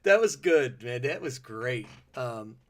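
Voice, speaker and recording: A man hosting a podcast in casual chat, reacting excitably to clips and laughing often. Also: medium pitch, slow pace, no room sound. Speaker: podcast host.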